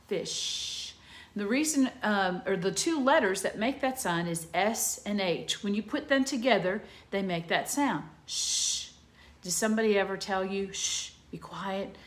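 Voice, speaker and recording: A middle-aged woman leads a children's phonics lesson from her home, recorded on a laptop camera. She speaks slowly and patiently, sounding out each letter with care at a medium pitch. The room gives her voice a noticeable echo. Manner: slow, clear, sounding out letters. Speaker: teacher.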